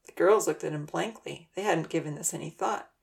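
A woman narrating a children's storybook aloud in a steady, gentle way. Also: sits low, fairly quick, gravelly.

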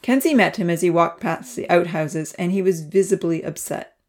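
A woman narrating a children's storybook in a gentle, even read-aloud manner. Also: fairly low pitch, normal speed. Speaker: audiobook narrator.

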